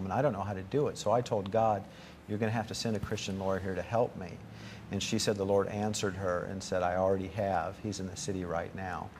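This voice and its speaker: Male guest, lowish voice, storytelling testimony, light background noise. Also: a little mellow. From United States. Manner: storytelling, acts out quoted dialogue. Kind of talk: testimony on a talk show.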